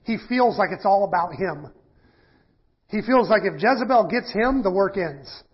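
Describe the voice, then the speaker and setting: A man's voice: sits high, lively intonation, normal speed, slightly rough. A man teaching a sermon in a conversational way, reading scripture aloud and breaking it down with fillers and restarts. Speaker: preacher. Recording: dull lo-fi sermon recording.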